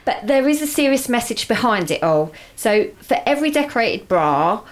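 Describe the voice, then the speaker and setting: A woman's voice: fairly high pitch, very animated, moderate pace. Upbeat woman radio co-host. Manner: upbeat, enthusiastic promoter. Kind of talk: casual radio chat.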